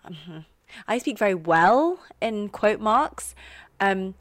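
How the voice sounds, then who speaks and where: A woman's voice: medium pitch, animated, takes it slowly, no echo. Woman with a received pronunciation accent. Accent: received pronunciation English. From Northwest London, England. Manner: chatty, full of "like" fillers. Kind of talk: casual chat.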